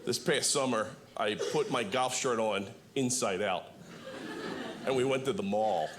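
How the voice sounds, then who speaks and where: A middle-aged man doing a stand-up set in a comedy club, with wry self-deprecating punchlines and sudden shouted bursts. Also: lowish voice, unhurried. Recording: noisy live club recording. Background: audience laughter.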